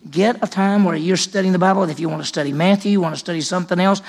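Man preaching, retells scripture scenes with acted dialogue, gravelly voice, church setting. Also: sits high, quick pace. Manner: storytelling preacher who acts out the scripture dialogue. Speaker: pastor. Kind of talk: sermon.

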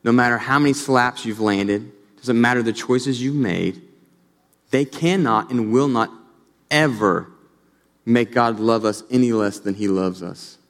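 Man, young adult, pastor, earnest sermon, mid-pitched voice, long hall reverb. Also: measured pace. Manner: earnest, rises animated when telling stories.

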